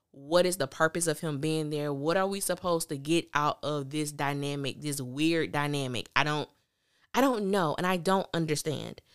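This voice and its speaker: A woman hosting a podcast, giving a casual and opinionated recap of a TV drama with lively, animated delivery. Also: clean tone. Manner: animated, opinionated, quick swings of pitch.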